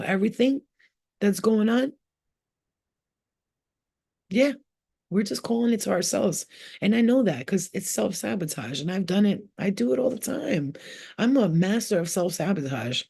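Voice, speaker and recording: In a clean studio recording with no room echo, a woman runs her own channel as a spiritual healer. She delivers a laid-back, blunt pep talk packed with swearing, voicing other people as she quotes them. Her delivery is lively and frequently leaps up in pitch.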